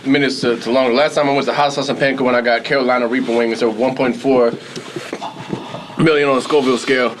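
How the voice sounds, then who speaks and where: A man in a radio studio, chatting and explaining between bites of spicy wings. His voice is mid-pitched and easygoing. There is clearly audible background noise on the recording. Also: steady tone, quick pace. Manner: joking, explanatory. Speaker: radio host. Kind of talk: casual radio chat during hot wing challenge.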